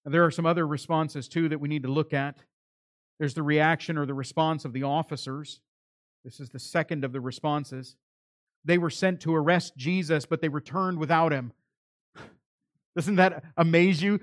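Dramatic male preacher, fairly high voice. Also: dry recording, studio quality. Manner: dramatic preaching, acting out quoted voices, rising and dropping loudness. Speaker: pastor. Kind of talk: sermon.

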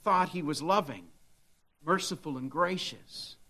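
Bright-voiced preacher, slow and dramatic. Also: male voice, a little high. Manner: dramatic preaching, voicing the devil's taunts. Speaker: pastor. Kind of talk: sermon.

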